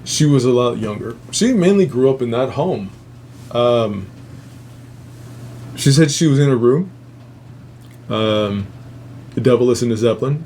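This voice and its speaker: A man telling a spooky family story in a loose, rambling way, swearing often and chuckling at his own asides. His voice sits at an ordinary middle pitch, with a faint hum of background noise behind him. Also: dark tone. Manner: profane, rambling, laughs at own jokes. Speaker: host. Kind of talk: casual storytelling.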